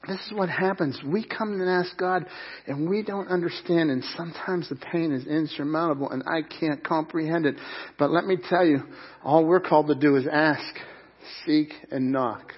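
A middle-aged man preaching at a church service, his voice a little high and husky. He speaks in an earnest, emphatic way and leans on repeated phrases. The recording sounds dull and muffled. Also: normal speed. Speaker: pastor. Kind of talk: sermon.

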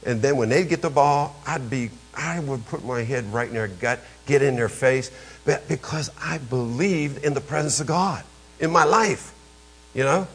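An older man, preaching a storytelling sermon as a pastor, emphatic and jumping suddenly in pitch and volume. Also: moderate pace, slightly rough.

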